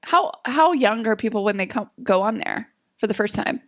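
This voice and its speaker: A woman's voice: on the high side, animated, moderate pace, fairly bright tone. A woman co-hosting a podcast, chatting casually in a playful, questioning way. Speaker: podcast co-host. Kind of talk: casual chat.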